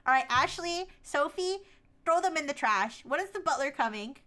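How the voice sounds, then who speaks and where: A woman VTuber streaming, chatting with AI voices in a brash, teasing way with loud outbursts. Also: high-pitched, animated, normal speed. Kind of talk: livestream chat with AI voices.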